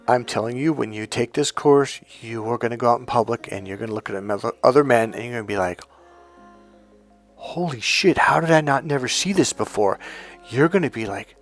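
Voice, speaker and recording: Male dating coach, mid-pitched, blunt and emphatic, quotes others in voices; soft music bed. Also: lively intonation, brisk. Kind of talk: coaching talk to camera.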